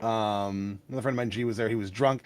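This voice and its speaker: A man reading a story aloud on a podcast, lively and stumbling over the text. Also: lowish voice, fast talker, no room sound.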